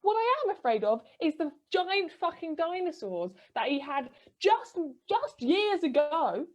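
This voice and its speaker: A woman's voice: extremely high pitch, big pitch swings, a little slow, full character voice. A woman playing a paranoid, argumentative cousin. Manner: insistent, argumentative. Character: paranoid, accusing cousin afraid of dinosaurs. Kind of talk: live improv comedy. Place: live stage show.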